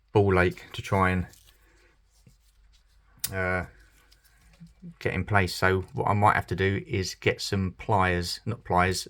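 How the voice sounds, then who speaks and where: A man's voice: low-pitched, fairly bright tone. Muttering British man fixing a toy. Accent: British English. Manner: mutters and swears under his breath, often half-whispering. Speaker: toy collector channel host. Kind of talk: casual commentary while repairing a toy.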